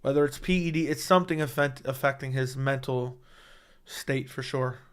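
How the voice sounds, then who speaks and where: A young man hosting a casual fight-talk livestream, excitable and rambling, swearing often, with a voice he says is going hoarse. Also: mid-range voice, moderate pace. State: losing his voice. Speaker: MMA livestream host. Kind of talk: casual livestream chat reading chat.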